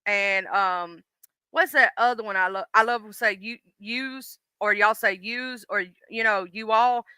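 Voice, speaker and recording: A woman's voice: mid-range voice, steady tone, measured pace, sharp tone, smooth, no echo. A woman with a Southern US accent hosting a live stream, chatting in a folksy way and answering her viewers by name. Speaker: livestream host. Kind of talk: casual chat reading viewer comments.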